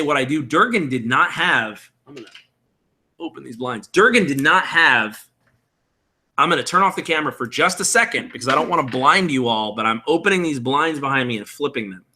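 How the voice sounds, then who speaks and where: A man's mid-range voice comes across pushed and bright as he explains character creation during a live stream. The streamer, building a game character, rambles casually, thinks aloud and answers viewer chat from a room at home with window blinds.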